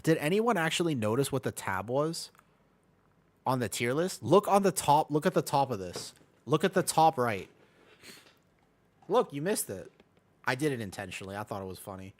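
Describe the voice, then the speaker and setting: A young man with a medium-pitched voice streams a game and chats casually, very animated at a moderate pace with long pauses. He answers chat, jumps from topic to topic, and laughs often.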